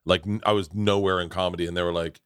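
A man's voice: sits low, steady tone, quick pace, fairly bright tone, smooth, no room sound, studio quality. A middle-aged man hosting a casual chat, telling stories and dropping into put-on accents. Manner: storytelling, slips into put-on accents. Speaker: podcast host.

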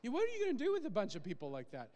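A man preaching a sermon, animated, often laughing and acting out scenes, heard with a long hall reverb. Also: extremely high pitch, rapid-fire, a little hiss or hum.

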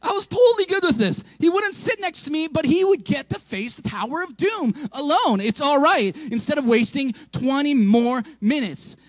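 A male pastor giving an animated storytelling sermon, often raising his voice and laughing. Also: very high-pitched, moderate pace, hardly any pauses, no room sound.

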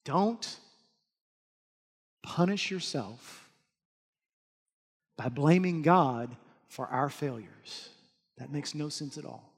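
High-voiced pastor preaching in a hall. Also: male voice, slow pace, long pauses, breathy edge. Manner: earnest, swings between loud urging and soft hushed lines. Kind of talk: sermon. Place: church hall. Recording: long hall reverb.

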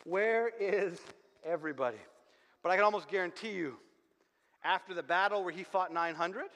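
High bright-voiced man preaching fervently. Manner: fervent, repetitive preaching with many restarts. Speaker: pastor. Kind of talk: sermon. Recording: long hall reverb.

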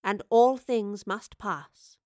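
A woman voicing a grave, resigned female professor in a storybook, speaking slowly and solemnly. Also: medium pitch, dry recording, studio quality, natural voice. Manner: slow, solemn, measured.

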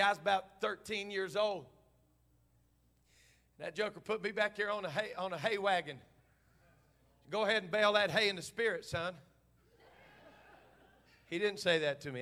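Fervent preacher man, bright high voice. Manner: fervent, swings from quiet storytelling to shouted preaching. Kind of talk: sermon. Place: church.

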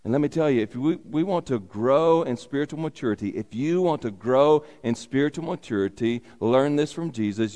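A man's voice: mid-range voice, animated, normal speed, hardly any pauses, mellow. A man preaching a sermon as a pastor, repeating key phrases for emphasis and asking rhetorical questions. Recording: long hall reverb.

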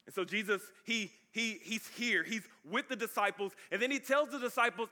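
Bright, high-voiced energetic preacher. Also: male voice, normal speed. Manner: energetic, casual, calls out to the congregation. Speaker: pastor. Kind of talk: sermon.

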